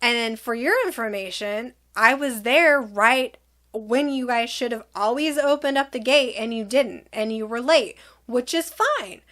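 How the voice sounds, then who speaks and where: Young woman, high voice, exasperated storytime vlogger who acts out the quotes. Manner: animated, exasperated retelling with quoted dialogue. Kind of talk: casual storytime vlog.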